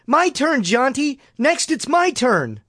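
An eager little boy calls out for his turn, his voice jumping high and bright, as a man narrating a storybook puts him on. The pleading lines rise and fall with a lot of life. The sound is close and dry. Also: very animated, slow, no room sound, exaggerated voice. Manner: shouting, pleading.

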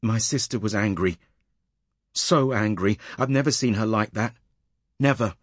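A male audiobook narrator voicing a distraught young woman in shock, her speech halting and breaking. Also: on the low side, no echo, clean studio sound, pitched above the performer's own voice.

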